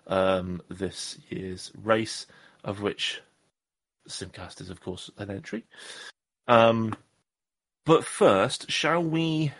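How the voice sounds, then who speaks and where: With a lowish yet fairly bright voice, a Southwest English man co-hosts a laid-back podcast. He rambles and jokes at his own expense, frequently pausing to correct himself.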